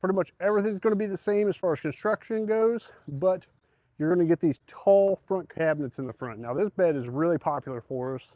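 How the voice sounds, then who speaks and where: The salesman here is a man with a high-pitched voice who moves briskly through a conversational truck bed walkthrough, stating the specifications plainly. The recording is dry and has a slightly dull quality.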